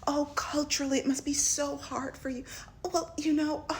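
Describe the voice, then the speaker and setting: A woman's voice: high voice, little pitch movement, moderate pace, slight background noise, pitched above the performer's own voice. A woman voicing a gushing, over-sympathetic young woman who gasps and coos in breathless sympathy.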